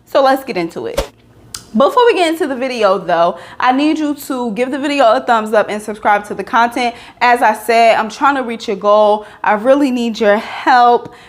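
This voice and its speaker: A woman's voice: on the high side, normal speed. A young woman reviewing a reality show in a casual vlog, chatty and exasperated. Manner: animated, exasperated, chatty with fillers.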